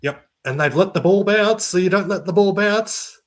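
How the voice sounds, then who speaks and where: A man calling live sports play-by-play, rattling off names and rising to shouts on big runs. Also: high voice, normal speed, heavy background noise. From Australia. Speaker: play-by-play commentator.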